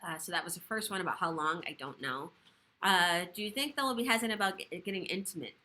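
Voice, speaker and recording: A sexual health educator, female and lowish in voice, chats on an informal livestream from her living room, rattling along quickly and animatedly with casual profanity.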